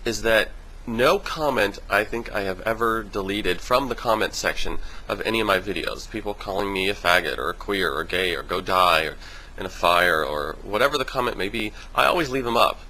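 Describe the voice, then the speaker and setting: A man venting on his video blog in a casual, animated way, swearing freely and mimicking other people in high voices. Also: fairly quick, a little hiss or hum, low-quality recording. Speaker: vlogger. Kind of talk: casual vlog rant.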